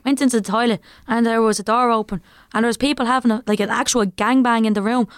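Fast-talking young Irish woman telling a story. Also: on the high side, no echo, studio quality. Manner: animated anecdote-telling with frequent fillers. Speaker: guest comedian. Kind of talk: casual podcast chat, storytelling.

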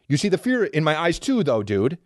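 Profane rambling man with lively pitch. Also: fairly quick, dry recording, clean studio sound. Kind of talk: comedic rant.

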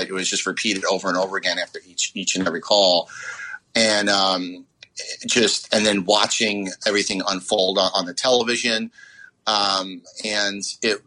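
A man in his forties recalling a hard day in an interview, often pausing and restarting with fillers. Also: lowish voice, pushed and bright, poor audio. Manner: halting, many fillers and restarts. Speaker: interview guest. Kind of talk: personal recollection interview.

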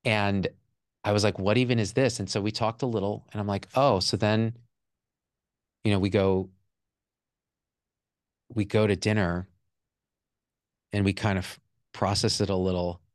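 Guy with a lowish voice spilling a raw emotional story, keeps repeating himself, cusses, dry sound. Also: flat delivery, moderate pace, long pauses, no echo. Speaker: podcast guest. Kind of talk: personal storytelling.

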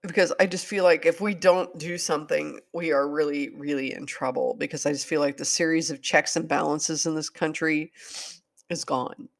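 A woman's voice: sits low, fairly even intonation, normal speed, vocal fry. A woman hosting a solo podcast, talking in a rambling, hesitant and apologetic way, openly emotional. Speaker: podcast host.

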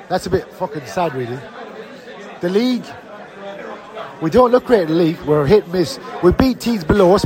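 A man with a notably high voice rants bluntly after a match, swearing freely and sounding fed up. A faint crowd murmurs behind him. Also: darkish tone. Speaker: fan podcast host. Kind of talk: post-match fan rant. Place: outdoors and in a bar around the match.

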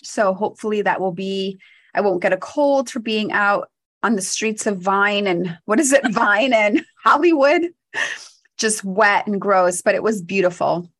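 Animated woman telling a story. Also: medium pitch, measured pace. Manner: animated storyteller, laughs often. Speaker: podcast co-host. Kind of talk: casual chat.

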